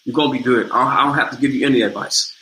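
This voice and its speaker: A man voicing a relaxed, encouraging British movie star with a thick British accent, in an echoey room. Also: mid-range voice, racing, slight background noise, lightly acted. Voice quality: thick accent, laid-back drawl.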